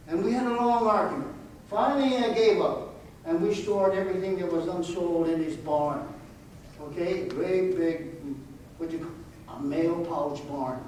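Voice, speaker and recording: An elderly man in his eighties tells his life story to a college audience, earnest and fond of repeated rhetorical questions. His voice sits high for a man. He is picked up from a distance in a very echoey auditorium, with a faint noise underneath. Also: measured pace, darkish tone. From United States. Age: 80s. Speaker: guest speaker. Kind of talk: personal storytelling talk.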